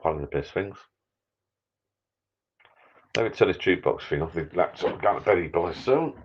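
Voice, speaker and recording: A man's voice: low voice, animated, moderate pace, background noise. A middle-aged man, rambling casually and a bit tired during a live stream from his backyard shed bar, with mild swearing. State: tired, a few beers in. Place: backyard shed bar, small room indoors. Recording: dull lo-fi stream audio.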